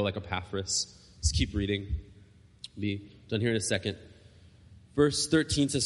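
A man's voice: fairly low pitch, a little fast, long pauses, husky. A man preaching a sermon as pastor, talking in a conversational way with frequent fillers and restarts. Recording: long hall reverb.

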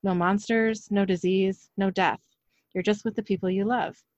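A woman reading the lines of a calm young girl who speaks for angels, in her own plain voice. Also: medium pitch, normal speed, no echo, natural voice. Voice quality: flat, unperformed reading. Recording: slightly dull lo-fi audio.

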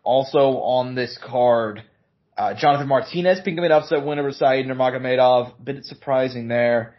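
A man's voice: medium pitch, moderate pace, highs cut off. A man co-hosting a casual sports podcast in a laid-back manner, swearing freely. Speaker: podcast co-host.

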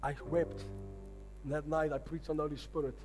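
A man's voice: a little high, flat delivery, brisk, darkish tone. A man preaching a sermon, telling stories with emphatic delivery. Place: large church hall. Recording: long hall reverb with faint music.

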